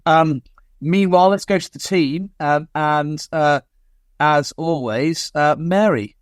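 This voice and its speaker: A man hosting a casual online panel show over a video call, friendly and halting, with many fillers. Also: fairly high pitch, clear, resonant tone, no room sound. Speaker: host.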